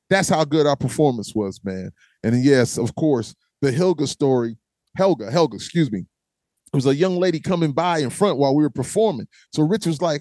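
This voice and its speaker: A man hosting a fan Q&A, telling lively stories about his band's tours in a casual way, often calling people "man" and acting out voices and chants. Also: a little high, a little fast, dry recording. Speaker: host answering fan questions; former vocalist of a metal band. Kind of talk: casual storytelling Q&A.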